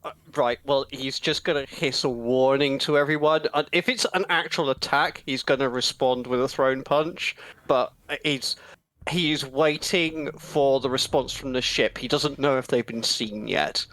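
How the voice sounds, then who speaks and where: A man's voice: mid-range voice, a little slow, fairly bright tone, dry recording. Self-deprecating man playing at the table. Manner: self-deprecating, laughing at own rolls. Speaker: player. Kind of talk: casual tabletop play.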